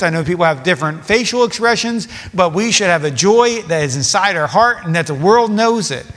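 Man, pastor, casual sermon, slightly high voice, reverberant hall. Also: fairly bright tone. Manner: conversational preaching with asides and self-corrections.

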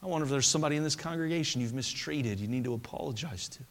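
A man preaching a sermon to a congregation in a church, telling a story earnestly and dropping to a soft voice for emphasis. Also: medium pitch, rapid-fire. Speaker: pastor. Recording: long hall reverb.

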